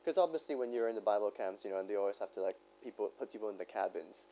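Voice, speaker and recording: A man's voice: fairly low pitch, expressive, rapid-fire, gravelly, warm tone, slight background noise, low-quality recording. A man co-hosting a casual podcast chat, telling rambling stories and laughing as he goes. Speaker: podcast co-host.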